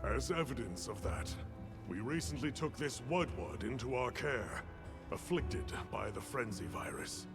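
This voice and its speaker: A man voicing a stern male professor in a video game, giving a formal, measured report. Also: mid-range voice, lively intonation, vocal fry. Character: stern male scholar professor briefing hunters. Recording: game audio with music bed.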